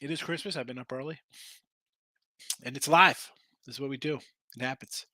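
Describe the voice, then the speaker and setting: A man's voice: mid-range voice, fairly even intonation, fairly quick, pushed and bright, no echo. A man hosting a live sports betting show, tired and losing his voice, chatting casually about point spreads and answering viewers in the chat.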